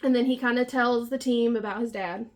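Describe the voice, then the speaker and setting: A woman's voice: on the high side, fairly even intonation, a little fast. A woman co-hosting a casual book chat, laughing often as she retells scenes and acts out the characters' lines. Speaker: book podcast co-host.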